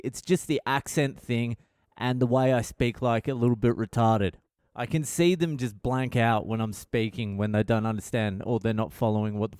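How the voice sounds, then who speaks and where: A man's voice: mid-range voice, darkish tone, smooth, no echo. Middle-aged Australian male podcaster, crude and rambling, clean close voice, no room sound. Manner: profane, blunt, rambling. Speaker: podcast host. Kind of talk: casual storytelling monologue.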